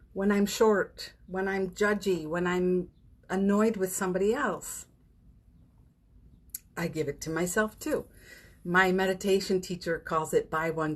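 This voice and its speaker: A woman hosting a live morning session, talking casually and encouragingly about a spiritual practice, with fillers and little laughs. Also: fairly low pitch. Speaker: host of a daily live session. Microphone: phone or webcam on a live stream.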